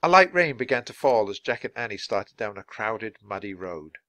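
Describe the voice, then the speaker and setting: A man reading a children's storybook aloud in a clear, measured way for learners. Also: lowish voice, sing-song, fairly bright tone, dry recording. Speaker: storybook reader. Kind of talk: children's book read-aloud.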